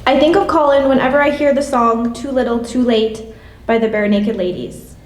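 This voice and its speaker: A woman in her late thirties reading a prepared memorial tribute in a measured, gentle way. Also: on the high side. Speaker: classmate giving a memorial tribute. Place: church hall. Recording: echoey hall from a distance.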